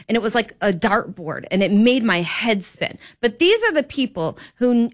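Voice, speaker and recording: A woman filling in as a talk radio host, chatting in an opinionated, animated monologue that climbs to emphatic indignation. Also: medium pitch, no echo, studio quality. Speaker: fill-in radio show host.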